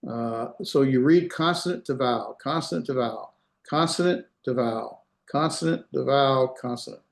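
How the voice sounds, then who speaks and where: A Hebrew instructor with a medium-pitched, creaky voice lectures a class at a moderate pace. He explains things step by step, repeats examples, and checks that students are following, in a room with noticeable echo.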